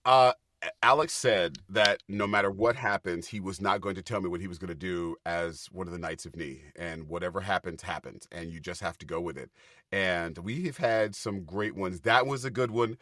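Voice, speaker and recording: A man guest on a casual podcast chat, telling lively stories, acting out quotes and laughing often. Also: sits low, normal speed. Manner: animated storyteller, acts out quotes, laughs often. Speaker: Broadway actor guest.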